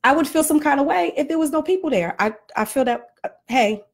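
A woman in a casual, comedic vlog rant, animated and self-deprecating, still winded and flushed from a workout. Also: high-pitched, brisk. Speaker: vlogger.

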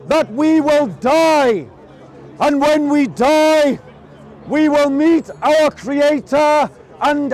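A man preaching to a crowd in an open-air park, slow and emphatic, often raising his voice. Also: very high voice, darkish tone. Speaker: street preacher. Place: outdoor public park speaking spot. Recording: outdoors with a crowd murmuring.

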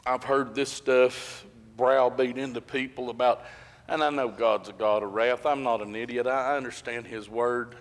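Middle-aged preacher, folksy storyteller who builds to emphatic points, mid-pitched, long church echo. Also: male voice, steady tone, moderate pace. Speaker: pastor. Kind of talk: sermon. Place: church sanctuary.

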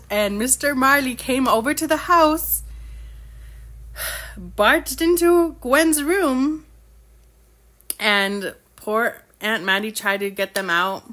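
A woman's voice: a little high, pushed and bright. A young woman chatting casually as she recaps a novel for her book club, gushing and acting out characters' lines.

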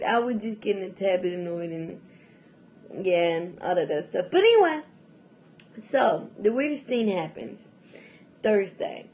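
A woman's voice: mid-range voice, lively intonation, unhurried, darkish tone. A young adult woman vlogging in a casual, rambling chat to camera, full of fillers and restarts and often breaking into laughs.

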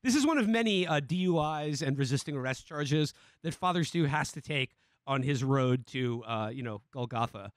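A man's voice: medium pitch, animated, normal speed, dry recording. A man co-hosting a podcast, recapping a film in casual chat with many restarts and fillers. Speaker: podcast co-host.

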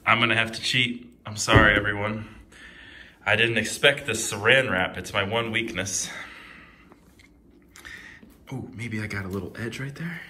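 A man's voice: on the low side, normal speed, pauses often, bright, forceful tone. A young man reviewing a product while struggling to open it, grunting, muttering and dropping to whispers, strained and short of breath. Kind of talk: comedic unboxing vlog.

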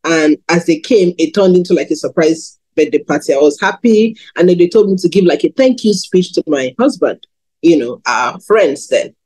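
A Nigerian woman in her thirties, preaching, candidly shares her own testimony in a sermon at a moderate pace. Her husky voice swings animatedly in pitch as she tells the story. The recording quality is low.

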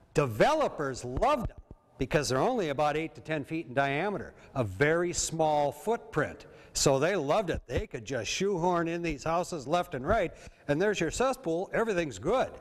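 A man from Minnesota giving an informal talk to an audience, who often checks in with his listeners. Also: on the high side. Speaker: presenter on septic systems. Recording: long reverb of a hall.

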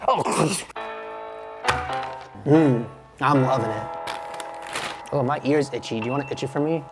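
A man's voice: mid-range voice, measured pace, over music. A young man filming a prank vlog who teases his girlfriend in a mock-stern, playful way.

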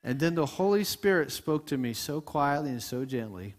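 Middle-aged pastor preaching conversationally. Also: male voice, on the high side, animated, normal speed. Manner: conversational preaching, repeats words and restarts, asks the congregation questions. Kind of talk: sermon. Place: church sanctuary before a congregation.

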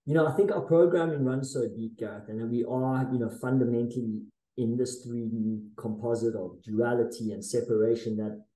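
A man in his forties, appearing as a podcast guest, tells a dramatic personal story in a conversational interview, casual yet intense and full of slang. His mellow, medium-pitched voice sounds reverberant on a low-quality recording.

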